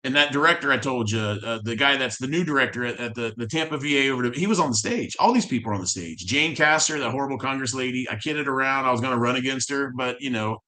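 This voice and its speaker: A man, a military veteran, recounts his story as an interview guest. He talks quickly and with passion, often restarting his sentences. His voice is bright and forceful, and he keeps a middle pitch. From Florida. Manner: impassioned, tumbling restarts.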